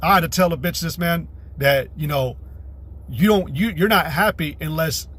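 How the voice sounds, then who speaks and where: In a fairly high, slightly rough and a bit bright voice at normal speed, a man on a livestream rambles through a profane, combative religious rant. Scripture readings alternate with scornful outbursts and free cursing.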